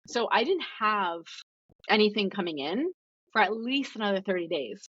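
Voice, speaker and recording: A woman's voice: mid-range voice, expressive, normal speed, fairly bright tone, breathy edge, dry recording. A woman guest telling her story in a casual, chatty way, full of "like" fillers. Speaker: podcast guest. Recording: dull, dry lo-fi recording.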